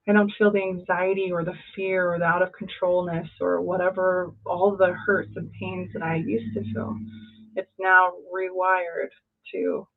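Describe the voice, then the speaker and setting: A woman's voice: fairly low pitch, little pitch movement, measured pace. A woman life coach speaking as an interview guest, earnest and encouraging, in short phrases over a remote call. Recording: tinny phone-like line.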